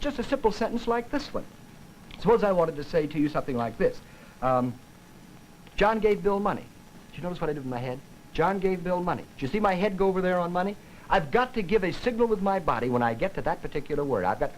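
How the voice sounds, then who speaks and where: Lively man giving a lecture. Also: fairly high pitch, slight background noise, poor audio. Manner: lively, demonstrates intonation with his own voice. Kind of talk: televised linguistics lecture.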